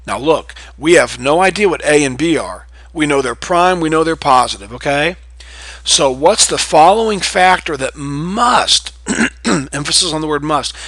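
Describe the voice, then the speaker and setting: Bright-voiced man teaching test math. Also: fairly high pitch, expressive, measured pace, no echo. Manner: talks straight to students, asks and answers his own questions. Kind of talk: test-prep lesson.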